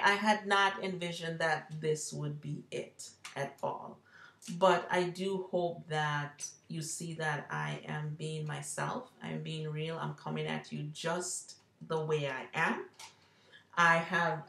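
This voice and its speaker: A woman's voice: sits low, creaky, fairly bright tone. A woman in her forties with a Jamaican accent, rambling candidly and self-deprecatingly through a personal vlog. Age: 40s. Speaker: lifestyle vlogger. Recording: echoey room.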